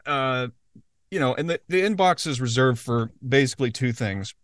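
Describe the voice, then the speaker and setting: A man's voice: medium pitch, expressive, moderate pace, a bit bright, no echo. Jokey man with a dry sound. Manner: joking, self-mocking. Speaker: podcast co-host. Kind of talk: casual chat.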